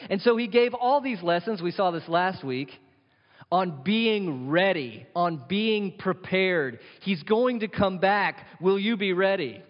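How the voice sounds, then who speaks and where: A man's voice: sits high, lively intonation, normal speed. A man preaching a sermon as pastor, earnest and conversational, lifting his voice for emphasis. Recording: dull sound with long hall reverb.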